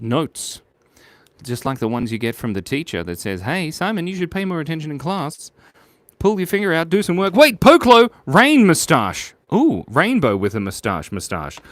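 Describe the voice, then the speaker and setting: A man live-streaming while drawing, chatting playfully, muttering quietly as he works and jumping to squeaky, excited highs. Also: no room sound. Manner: playful, jumps to squeaky high bursts of excitement.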